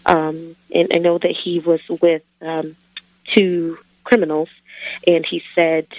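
A woman's voice: sits low, little pitch movement, slow, a little mellow, no room sound. A woman calling into a radio program, asking a question hesitantly with many fillers. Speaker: caller. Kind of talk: phone-in question. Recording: dull phone-line audio.

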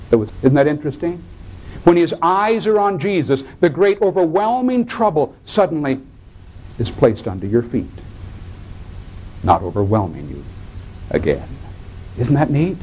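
A man delivers a sermon with great drama, his fairly high voice climbing high and then sinking to a near whisper. He stretches out key words and slips into the voices of the people he quotes. The pitch moves all over the place from line to line. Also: poor audio. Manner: dramatic, swings from soaring to hushed. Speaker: pastor.

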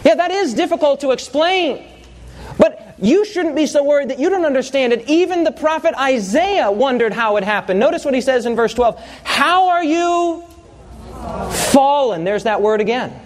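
A man's voice: very high-pitched, a little fast. A man preaching a sermon to a congregation, telling stories with humor and asking the audience to answer back. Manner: animated storytelling with audience call-and-response.

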